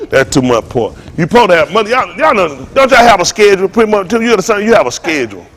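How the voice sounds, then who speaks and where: A man preaching to a congregation in a joking, storytelling way, laughing and shouting often. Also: high voice, very animated, fast talker, slight background noise. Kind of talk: comic sermon talk to a congregation.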